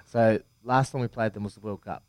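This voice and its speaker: A man's voice: fairly low pitch, fairly quick, no echo. A man in his thirties, a former rugby player, chatting on a podcast and telling stories with lots of repeats and friendly asides. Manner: animated storyteller, many repeats and "mate". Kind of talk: casual podcast chat.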